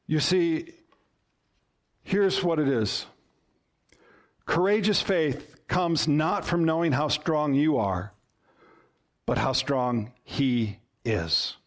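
A man preaching a sermon, deliberate, dropping low and soft on key words. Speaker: pastor.

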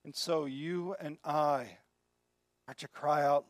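A man preaching a sermon in an earnest way, often dropping to a soft, quiet voice. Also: fairly high pitch, steady tone, slow, dry recording, studio quality. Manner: earnest, drops to soft quiet tones when moved. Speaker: pastor.

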